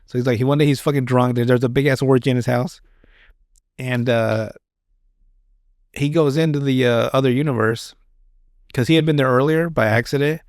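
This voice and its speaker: A man's voice: mid-range voice, fairly even intonation, moderate pace, pauses often, dry recording, clean studio sound. A man hosting a podcast, recapping a show in casual chat, rambling and swearing with many restarts. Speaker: podcast host.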